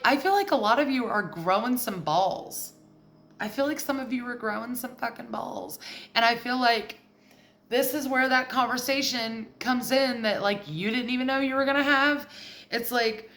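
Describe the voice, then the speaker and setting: A woman's voice: a little high, lively intonation, a little slow, fairly bright tone, a little hiss or hum. A woman giving a casual tarot reading, blunt and profane, getting heated as she goes. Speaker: tarot reader.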